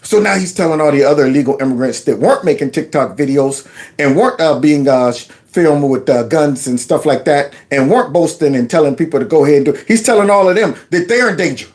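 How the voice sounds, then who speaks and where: A man's voice: fairly high pitch, expressive, fast talker, darkish tone. A man giving casual, mocking commentary on a video clip. He talks sarcastically and addresses his viewers as y'all.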